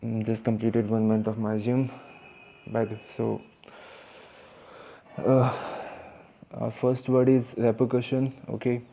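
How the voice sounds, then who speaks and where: A man's voice: mid-range voice, little pitch movement, takes it slowly, creaky, pauses often, warm tone, slight background noise. A young man giving a casual vocabulary lesson, hesitant, with many restarts and fillers. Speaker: vocabulary teacher.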